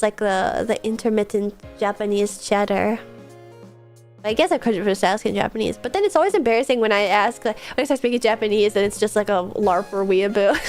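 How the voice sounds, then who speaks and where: Young woman streamer, stuffy cold nose, higher voice, rambling filler-heavy chat, faint music bed. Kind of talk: casual late-night stream chat. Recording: soft music behind.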